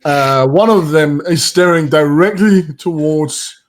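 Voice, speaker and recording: A man narrating as game master in a tabletop game over voice chat, unhurried and hesitant, with many fillers and chuckles. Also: a little high.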